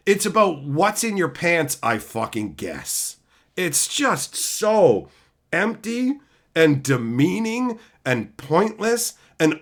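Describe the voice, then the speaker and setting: A male streamer ranting at full heat, swearing constantly and mocking his targets. His voice swings widely in pitch, climbing and dropping with every outburst, and has a bright, forceful edge. The rant often rises to shouting. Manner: profane, heated, mocking, shouting at times. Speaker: streamer host. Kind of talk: angry livestream rant, reading chat.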